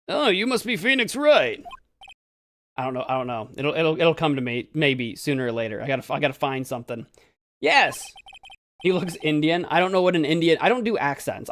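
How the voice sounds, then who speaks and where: A young man hosting a casual let's play, rambling and self-mocking as he comments on the game. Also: fairly high pitch.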